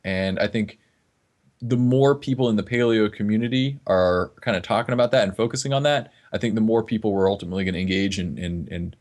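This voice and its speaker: Earnest man with a lowish voice. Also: fairly quick, darkish tone. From northeast Florida, US. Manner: earnest, restarts words often. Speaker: podcast guest, fitness trainer. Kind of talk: casual podcast conversation.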